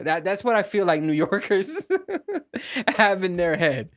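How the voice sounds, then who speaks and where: A man's voice: a little high, animated, normal speed. A man hosting a casual solo podcast monologue, rambling with restarts and frequent swearing. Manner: profane, rambling, with many restarts. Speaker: podcast host.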